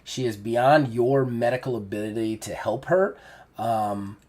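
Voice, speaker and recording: A man's voice: mid-range voice, a little mellow. Casual man narrating as game master. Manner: casual, halting narration with many restarts.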